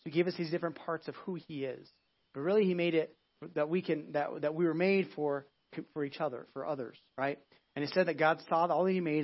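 A middle-aged pastor preaches in a loose, conversational way, often checking in with "right?" and restarting his sentences. His voice sits a little high for a man. The church recording sounds dull and lo-fi. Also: steady tone, a little fast. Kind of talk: sermon. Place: church sanctuary.

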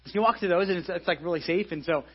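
A man's voice: high-pitched, rapid-fire, husky, dull audio. A pastor in his forties giving a live sermon in a church, conversational, with many restarts and repeated phrases. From United States.

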